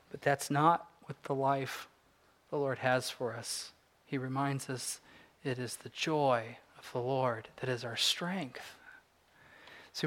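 A man in his forties preaching a sermon, earnest, moving between soft reflective passages and rising emphatic ones. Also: mid-range voice. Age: 40s. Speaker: pastor.

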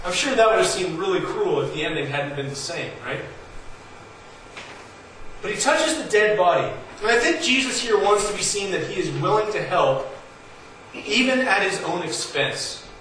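A man's voice: high voice, very animated, normal speed, bright, forceful tone. A man preaching a sermon in an earnest, conversational way, his voice rising on emphatic points. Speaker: pastor. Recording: echoey hall from far off, faint noise.

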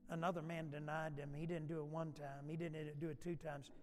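A male pastor preaches with a fairly high voice and repeats his lines for emphasis. His words ring out through a church sanctuary with a long reverb, and at times he falls to a hushed tone. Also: flat delivery, a little fast. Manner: emphatic and repetitive, dropping to soft, quiet passages. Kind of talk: sermon.

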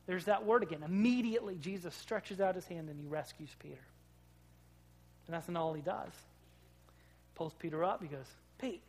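Pastor, conversational sermon delivery, rhetorical questions, dynamic loud-to-soft swings. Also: medium pitch.

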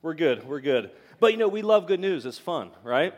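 A man's voice: on the high side, very animated, normal speed. Middle-aged male pastor, conversational sermon delivery, filler-heavy, recorded in a reverberant hall. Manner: conversational, rambling with many fillers and asides to the congregation.

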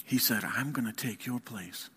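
A man preaching a sermon, emphatic, dropping to soft near-whispers and rising to loud, urgent appeals. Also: mid-range voice, husky. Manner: slow, deliberate delivery.

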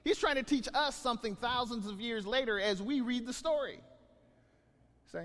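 A man preaching a sermon as pastor, animated, often repeating words as he acts out scenes. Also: very high voice, moderate pace, long reverb tail.

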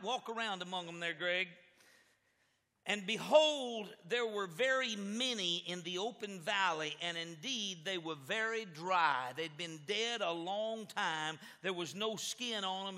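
Fired-up man preaching in an echoey hall. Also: high-pitched. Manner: stammers on repeated words, gets fired up and shouts. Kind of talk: animated sermon with a live demonstration. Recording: echoey hall with long reverb.

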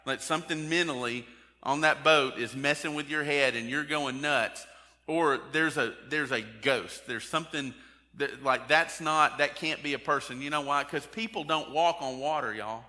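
A man preaches a conversational sermon to his congregation and keeps putting questions straight to them. His voice is bright and forceful. It rings out with a long reverb through a large sanctuary. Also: on the high side, normal speed. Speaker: pastor.

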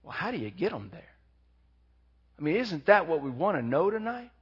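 Man preaching, fairly high, muffled. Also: very animated, husky. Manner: reads scripture slowly, then preaches with rising energy. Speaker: pastor. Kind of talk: sermon.

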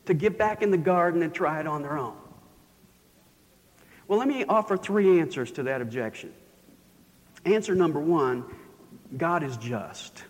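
A male pastor preaching with a storyteller's flair. His voice sits fairly high for a man, and it rings through a church sanctuary with a long reverb tail. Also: lively intonation, slow pace, darkish tone. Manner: storytelling, rising and falling for emphasis. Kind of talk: sermon.

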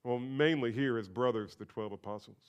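Preacher swinging from loud to hushed. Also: male voice, fairly quick, clean tone, highs cut off. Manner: swings between loud emphatic peaks and low quiet asides; repeats phrases for emphasis. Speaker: pastor. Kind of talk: sermon.

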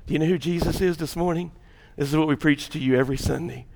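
High-voiced male pastor preaching. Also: fast, creaky, long reverb tail. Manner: impassioned, swings between loud and hushed. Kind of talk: sermon.

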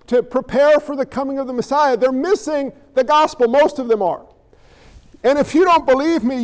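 High-voiced joking pastor. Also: male voice, poor audio. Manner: conversational, joking, asks the congregation questions. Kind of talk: sermon.

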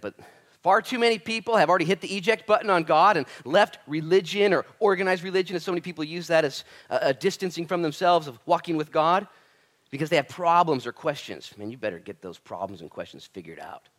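Male preacher, casual and conversational, big dynamic swings between loud and quiet. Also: a little high, lively intonation, fast talker. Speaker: pastor. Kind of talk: sermon.

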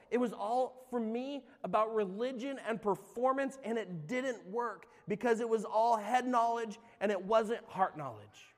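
A middle-aged man from California, a former youth pastor, sharing his personal testimony in an earnest, confessional way that swings between loud and hushed. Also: sits high, unhurried, few pauses, in a large hall. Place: church.

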